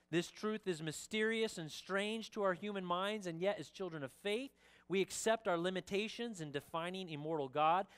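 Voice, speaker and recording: A pastor giving a Sunday sermon in a church, reading scripture earnestly and making casual asides with fillers. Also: male voice, a little high, fairly bright tone, clean tone. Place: church sanctuary.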